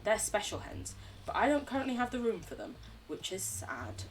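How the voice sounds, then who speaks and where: A young woman streaming a game, chatting casually and warmly to her chat. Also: medium pitch, very animated, moderate pace, far from the mic, a little hiss or hum. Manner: chatty, bubbly, talks to chat. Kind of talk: casual gameplay commentary.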